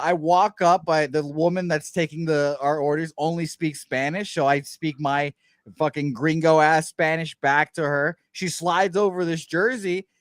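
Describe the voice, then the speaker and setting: Profane, animated man telling stories. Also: on the high side, no room sound. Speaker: co-host. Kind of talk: casual sports betting chat.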